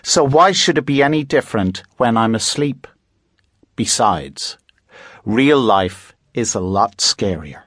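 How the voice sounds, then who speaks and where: A man reading aloud voices a calm twelve-year-old girl who speaks in a matter-of-fact way. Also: mid-range voice, takes it slowly, no echo, clean studio sound.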